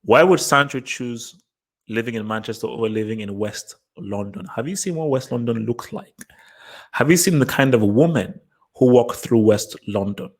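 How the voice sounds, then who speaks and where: A man's voice: medium pitch, normal speed. A man hosting a live football fan stream. He taunts his chat, repeats himself, and keeps laughing at the viewers. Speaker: host of a football fan show.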